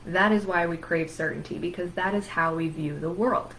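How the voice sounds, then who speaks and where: A woman therapist explains anxiety in an emphatic educational talk. Her voice sits fairly low for a woman, and she strings words together in rhythmic runs, with faint background noise. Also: fairly even intonation, normal speed, a bit bright, poor audio.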